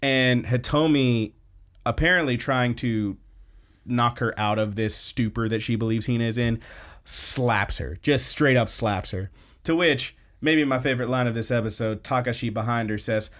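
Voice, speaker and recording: A man's voice: medium pitch, moderate pace, fairly bright tone. A man co-hosting a podcast, casually recapping anime episodes in a rambling storytelling way with lots of fillers. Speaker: podcast co-host.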